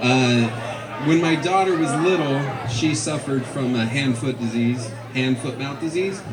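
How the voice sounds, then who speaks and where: A man's voice: medium pitch, measured pace. Wry man joking at a memorial. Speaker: memorial speaker. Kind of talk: humorous eulogy. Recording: echoey hall with crowd.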